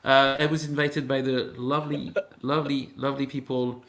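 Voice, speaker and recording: A man in his forties from France with a French accent, co-hosting a casual chat, halting and often laughing as he talks. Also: mid-range voice, little pitch movement, fairly bright tone. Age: 40s. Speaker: co-host.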